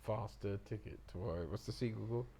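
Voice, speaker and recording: A man's voice: on the low side, fast talker, gravelly, mellow. A man co-hosting a casual livestream, teasing his partner and laughing along. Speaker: co-host riffing on a film.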